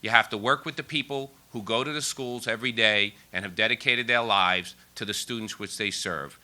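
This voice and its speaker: A man giving a formal, measured introduction of the main speaker at an event. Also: lowish voice, pushed and bright.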